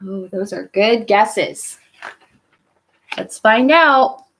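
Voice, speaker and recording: Slow gentle children's storyteller woman. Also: mid-range voice, animated, slight background noise. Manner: gentle, encouraging, asks listeners questions. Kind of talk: reading a picture book aloud to children.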